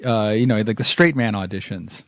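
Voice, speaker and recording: A man co-hosting a podcast, explaining things in relaxed casual chat. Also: fairly low pitch, fairly quick, no room sound, studio quality. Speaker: podcast co-host.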